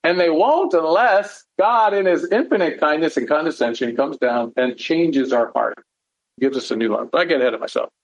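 A man's voice: on the high side, expressive, normal speed, highs cut off. A man preaching a conversational sermon, earnest, often asking rhetorical questions and checking in with "right?". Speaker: pastor teaching a Bible study.

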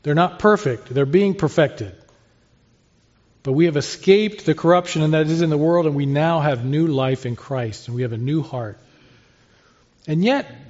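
A man's voice: on the high side, moderate pace, darkish tone. A man preaching an expository sermon in an earnest, conversational way, asking and answering rhetorical questions. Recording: slightly dull, lo-fi sermon recording.

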